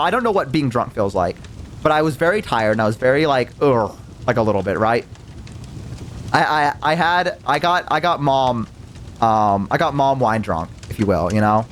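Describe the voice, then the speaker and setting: Lively young man telling a story. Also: mid-range voice, a little hiss or hum. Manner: animated, acts out the voices in his story; swears casually, filler-heavy. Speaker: VTuber storyteller. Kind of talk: casual storytime monologue.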